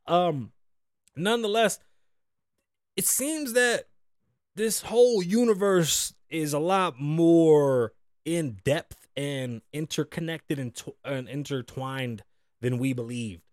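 A man's voice: fairly high pitch, takes it slowly, no echo, clean studio sound. A man in his thirties hosting a casual solo podcast, ranting and joking in a loose, profane way. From United States. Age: 30s. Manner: loose, profane, joking rants with big swings. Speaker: podcast host.

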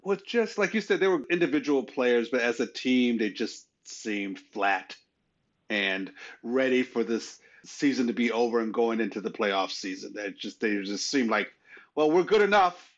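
A man's voice: medium pitch, moderate pace. A man co-hosting a casual sports podcast, talking conversationally with frequent "you know"s. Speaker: podcast co-host. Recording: slightly muffled lo-fi audio.

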